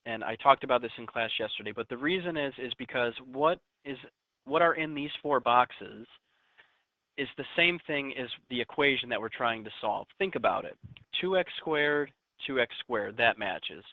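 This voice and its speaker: A man's voice: mid-range voice, animated, moderate pace, no echo, narrow, tinny audio. A man teaching a math lesson to his class in a recorded video, chatty and joking with his students as he works through the steps.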